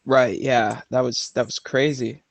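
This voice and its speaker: A man voicing a polite male adventurer in a tabletop game, halting with fillers. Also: medium pitch, fairly even intonation, creaky, no room sound. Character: male adventurer posing as a meteorologist. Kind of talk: tabletop role-play.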